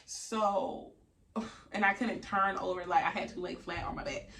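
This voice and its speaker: A young woman, casually and candidly telling a story to her viewers, with frank, profane, animated quoted reactions. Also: medium pitch, a little slow, recorded from a distance, slight background noise. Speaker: vlogger.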